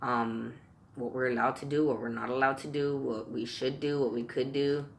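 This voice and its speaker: A man's voice: mid-range voice, little pitch movement, moderate pace, creaky, a little hiss or hum. A man vlogging a heated rant to camera, swearing constantly and tripping over his words as he repeats himself. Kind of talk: profane political rant to camera.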